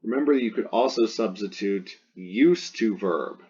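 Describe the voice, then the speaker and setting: A man's voice: lowish voice, lively intonation, a little slow, a little mellow, husky, muffled recording. A man teaching a recorded Latin grammar lesson, methodically walking through verb forms and repeating them to drill them.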